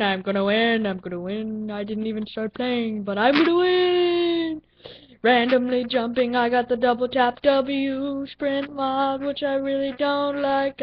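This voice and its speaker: A young female gaming channel host giving excitable, playful commentary while playing, with silly sound effects. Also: fairly high pitch. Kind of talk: casual gameplay commentary. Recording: dull lo-fi recording with faint noise.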